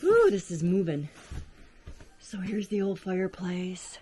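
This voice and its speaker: A woman vlogger narrating as she explores an abandoned farmhouse attic, chatty and exclaiming at creaking floors, recorded on a handheld camera. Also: lowish voice, very animated, unhurried, warm tone, a little hiss or hum.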